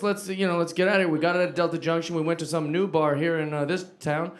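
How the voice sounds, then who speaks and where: Man, high voice, stand-up storyteller who acts out the lines, noisy background. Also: quick pace. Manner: animated, acting out dialogue. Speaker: stand-up comedian.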